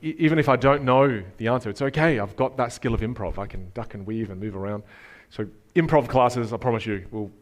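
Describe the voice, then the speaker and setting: A man giving a motivational workshop talk to a live audience, animated and emphatic, taking questions from the crowd. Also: medium pitch, fairly quick. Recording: speech over loud background music.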